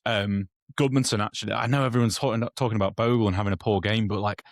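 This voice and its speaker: A man's voice: lowish voice, steady tone, fast. A man co-hosting a football podcast, talking through match tactics at length in a rambling, self-correcting way. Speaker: podcast co-host. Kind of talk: casual football analysis.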